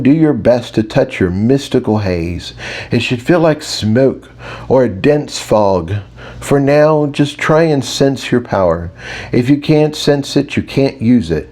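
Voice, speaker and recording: A man's voice: medium pitch, lively intonation, unhurried, warm tone, lightly acted. A man doing a soothing woman teacher. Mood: coaxing. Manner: soothing, coaxing. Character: patient woman magic teacher, hiding frustration.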